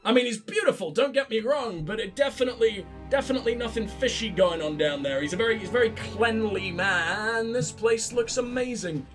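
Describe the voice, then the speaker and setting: High-voiced, sweary let's play host. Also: male voice, brisk, few pauses, over music. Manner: sweary, sarcastic, excitable. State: sick, stuffy-nosed. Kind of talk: gameplay commentary.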